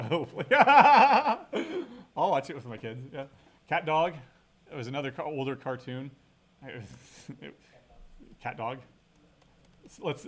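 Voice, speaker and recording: Casual male lecturer asking "right?". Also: medium pitch. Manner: casual, thinks aloud, frequent "right?" tag questions. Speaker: university lecturer. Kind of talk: recorded classroom lecture.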